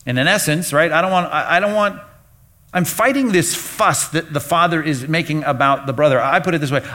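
A man's voice: fairly high pitch, a little fast, bright, forceful tone. A man preaching a sermon in an emphatic, rhetorical way, often acting out the thoughts of his listeners. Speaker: pastor.

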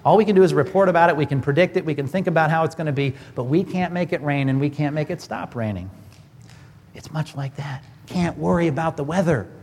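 A man's voice: a little high, quick pace, darkish tone, husky. Man preaching in an echoing hall. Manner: conversational preaching with rhetorical questions. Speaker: pastor. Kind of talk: sermon.

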